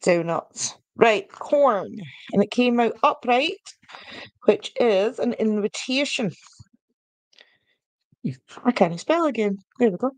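A woman's voice: fairly high pitch, no room sound. A young woman hosting a live stream, chatting playfully with viewers, giggling, and reading oracle cards aloud. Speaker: podcast host doing oracle card readings.

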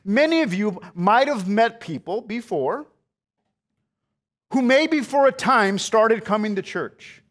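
A man with a notably high voice for a male, preaching a sermon. He talks like he is telling a story to friends, tossing in "right?" and "okay?" to keep the listeners with him. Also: animated, takes it slowly, fairly bright tone. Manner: conversational storytelling, often asking "right?" and "okay?". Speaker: pastor.

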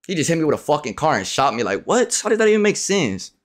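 A young man streaming a game, ranting in a profane, casual way that swings from loud outbursts to low muttering. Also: sing-song, fast talker. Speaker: livestreamer. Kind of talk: casual gameplay commentary.

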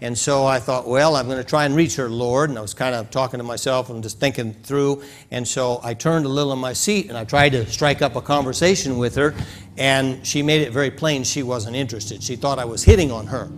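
A man's voice: mid-range voice, fairly even intonation, a little fast. A man preaching a sermon in a church, telling a story in a folksy way and acting out its scenes. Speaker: pastor.

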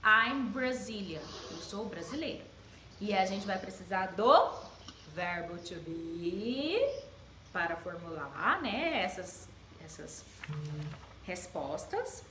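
A woman's voice: medium pitch, very animated, bright, forceful tone. Bilingual Brazilian teacher woman, echoey room. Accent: Brazilian Portuguese. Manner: explains slowly, switching between Portuguese and English. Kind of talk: bilingual classroom lesson. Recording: echoey room with clear background noise.

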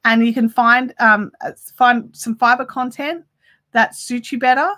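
A woman's voice: on the high side, fairly even intonation, measured pace, bright, forceful tone. A woman hosting a crochet live stream, chatting casually and talking straight to her viewers as she reads their messages. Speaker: crochet livestream host.

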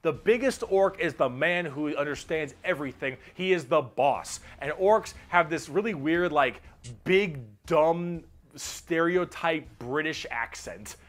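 An excitable young man rattles through a casual explainer, his voice sitting a bit higher than most men's. He rambles and swears freely, full of enthusiasm. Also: measured pace. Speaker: video narrator explaining game factions.

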